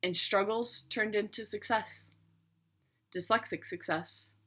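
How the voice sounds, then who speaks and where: A young adult woman narrating her own digital story in a reflective, measured way. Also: mid-range voice, steady tone, sharp tone.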